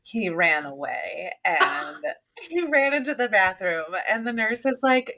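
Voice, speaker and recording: A woman's voice: mid-range voice, sing-song, measured pace, sharp tone. A woman in her thirties co-hosting a casual podcast, blunt and frank, laughing through her stories. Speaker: podcast co-host. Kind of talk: casual chat.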